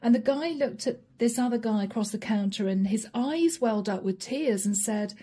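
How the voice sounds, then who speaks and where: Soft-voiced woman giving an emotional tarot reading. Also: a little high, normal speed, few pauses, breathy edge. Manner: emotional, intimate, storytelling with soft asides. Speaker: tarot reader. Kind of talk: casual spoken tarot reading.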